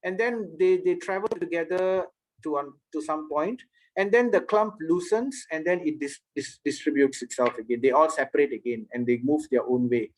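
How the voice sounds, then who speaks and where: A man's voice: a little high, normal speed, darkish tone, poor audio. A man telling a spiritual story to a class, earnest, with frequent restarts and checks on his listeners. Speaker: spiritual teacher.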